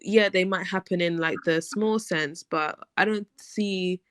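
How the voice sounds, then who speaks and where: A woman's voice: on the low side, unhurried, a bit bright, smooth, dry recording. A woman, arguing her point with passion in a casual podcast discussion. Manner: passionate, emphatic, argumentative. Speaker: podcast co-host.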